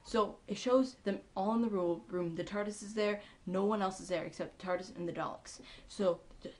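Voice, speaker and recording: A woman giving a casual, excitable recap of a TV episode, chatty and full of ums and likes. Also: mid-range voice, a little fast. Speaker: TV episode reviewer.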